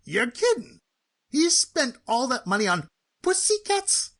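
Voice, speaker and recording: A man's voice: measured pace, exaggerated voice. A man voicing an eager, hard-working young man who gets flustered and indignant easily. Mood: amazed. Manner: excitable, high-pitched and incredulous. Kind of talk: cartoon voice acting.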